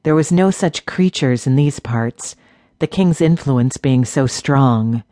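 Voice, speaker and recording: Female audiobook narrator, steady measured fantasy read, dry close sound. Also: very deep voice, dry recording.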